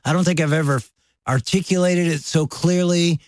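A man's voice: on the high side, normal speed, no echo, clean studio sound. A middle-aged man co-hosting a casual conversation with his wife, easygoing and teasing, often laughing. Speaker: co-host. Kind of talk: casual conversation between spouses.

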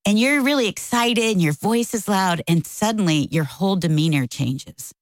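A woman's voice: moderate pace, dry recording, low-quality recording. A middle-aged woman co-hosting a casual talk show, telling a story and acting out quotes with big jumps in her voice. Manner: animated, acts out quotes with big pitch jumps. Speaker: co-host.

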